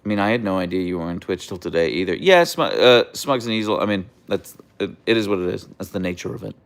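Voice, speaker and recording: Fast and gravelly with lively intonation, a young man chats with viewers on a casual livestream from an outdoor deck, reading their comments and cooing high-pitched at his dogs. No room sound comes through.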